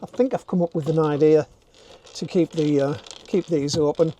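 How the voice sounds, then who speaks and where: A man's voice: fairly high pitch, steady tone, moderate pace, mellow, slight background noise. An older man, vlogging casually to a handheld camera as he works inside a camper van, self-mocking and thinking aloud. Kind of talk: casual DIY vlog talk to camera.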